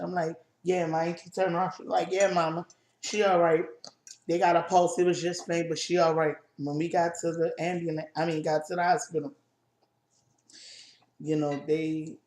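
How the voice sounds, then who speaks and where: A woman co-hosting a casual chat video, telling a personal family story in a halting, emotional way with many restarts. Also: lowish voice, flat delivery, a little mellow, reverberant. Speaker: co-host.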